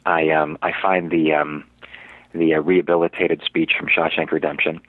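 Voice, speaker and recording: A man's voice: very deep voice, level tone, moderate pace, dry recording. A male actor telling a story as an interview guest, rambling with many fillers and restarts. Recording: dry, tinny, phone-like radio audio.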